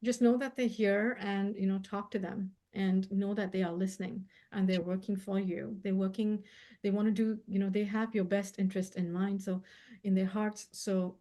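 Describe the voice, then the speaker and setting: Soft-spoken woman, a healer guest. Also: medium pitch, steady tone, normal speed. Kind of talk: casual chat.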